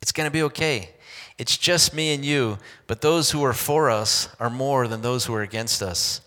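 A preacher voicing a calm, reassuring prophet. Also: male voice, medium pitch, normal speed, natural voice. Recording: long hall reverb.

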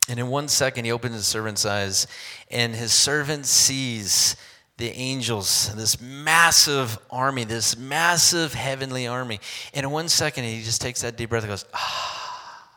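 A man preaching a sermon, telling a Bible story in an animated way and acting out the characters' lines. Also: mid-range voice, normal speed. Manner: animated storytelling with acted-out quotes. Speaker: pastor. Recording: long hall reverb.

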